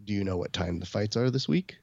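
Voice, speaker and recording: Podcast co-host, male, low voice, storyteller who mimics others; dry, dull lo-fi close-mic sound. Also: expressive, brisk, creaky, darkish tone, no room sound. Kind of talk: casual chat.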